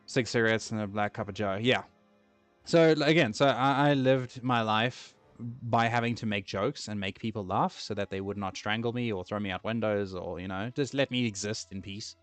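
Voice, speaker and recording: A man's voice: lowish voice, moderate pace, no room sound, soft background music. A young man chatting casually while playing a game, rambling and easily distracted, self-deprecating. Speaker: gaming streamer.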